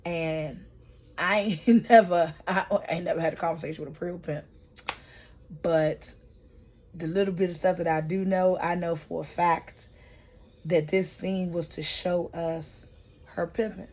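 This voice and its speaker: A woman casually recapping TV episodes for her vlog, chatty and slangy with plenty of profanity, her pace and loudness often shifting. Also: lowish voice, fairly even intonation, a little slow. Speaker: vlogger reviewing a TV series.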